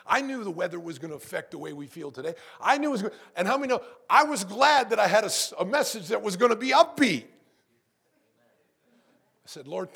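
A man's voice: sits high, creaky, fairly bright tone, slightly rough. A middle-aged man preaching a sermon in a church, calling out to the congregation and building to emphatic peaks. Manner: call-and-response preaching, rising to emphatic peaks. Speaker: pastor.

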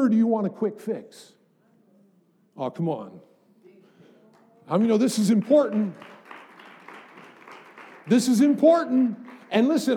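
A man's voice: high voice, dark tone, husky. A middle-aged man preaching a sermon as pastor, emphatic, building up with rhetorical questions to the congregation.

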